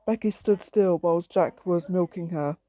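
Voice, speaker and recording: A woman's voice: fairly low pitch, unhurried, mellow. A woman reading her own story aloud in a plain, simple storytelling way.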